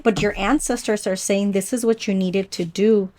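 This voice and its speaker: A woman with a medium-pitched voice leads a pick-a-card spiritual reading. She speaks gently and reflectively, addressing her viewers directly. She pauses often and now and then trips over a word. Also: fairly even intonation, slight background noise. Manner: unhurried with pauses and small stumbles. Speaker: oracle card reader.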